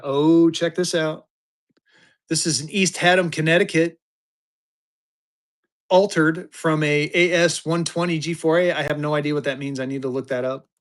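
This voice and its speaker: High-voiced energetic man auctioning live. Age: 50s. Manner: energetic, joking, drawling "y'all" asides. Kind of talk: live-stream auction patter.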